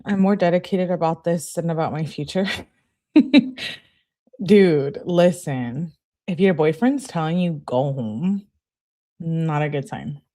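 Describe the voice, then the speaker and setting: A woman's voice: low voice, dark tone. A young woman hosting a livestream, reading text messages aloud and breaking in with blunt, slangy asides. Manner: blunt slangy asides, reads texts slowly and deliberately. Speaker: livestream host.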